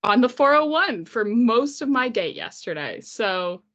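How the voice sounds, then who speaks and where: A woman co-hosting a casual hockey podcast, talking quickly and rambling with fillers and laughs. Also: a little high, big pitch swings, a bit bright, muffled recording. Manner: fast, giggly, rambling with fillers. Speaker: podcast co-host. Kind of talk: casual chat.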